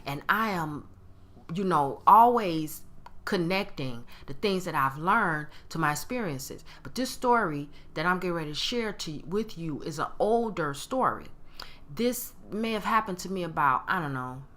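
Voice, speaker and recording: A woman in her late forties speaks straight to her listeners, telling a story from her own life. Her voice is bright and very lively, swinging up and down as she acts out the quoted lines of others. She talks in a loose, conversational way, full of restarts and little "okay?" checks. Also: measured pace. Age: 40s. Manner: animated, acts out quoted voices with big pitch jumps. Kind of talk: personal storytelling talk.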